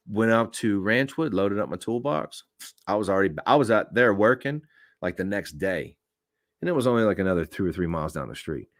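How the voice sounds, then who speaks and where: A man with a deep, low voice hosts an unscripted podcast and tells a story bluntly, swearing freely and acting out each quote. The sound is dry, with no room echo. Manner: blunt and profane, animated retelling with acted-out quotes. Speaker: podcast host.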